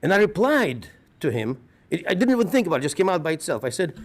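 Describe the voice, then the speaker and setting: This middle-aged, Russian-accented man takes the role of a rabbi giving a heartfelt eulogy at a funeral. He tells the story in a measured way, his fairly high voice swinging widely in pitch.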